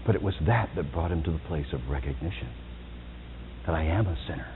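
Preaching pastor in an echoing hall. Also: male voice, brisk, background noise. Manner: dynamic preaching, swinging from soft and low to loud and high. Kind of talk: sermon. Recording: tinny phone-like sound in a reverberant hall.

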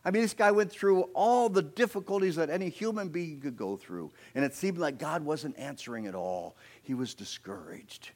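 This man speaks on the higher side with lively intonation, keeping a moderate pace and barely pausing. He's delivering an outdoor sermon near a creek, dramatizing scripture stories, voicing the quoted speakers with big jumps in volume, and tossing in playful remarks.

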